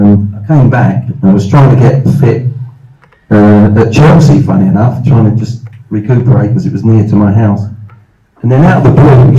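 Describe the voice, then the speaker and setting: An Englishman in his sixties holds an audience with his anecdotes and acts out the other people in them. His voice is deep-toned and mellow. The sound is roomy and slightly dull, as if taken in a hall. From England. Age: 60s. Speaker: guest speaker. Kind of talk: storytelling at a live event. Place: event hall.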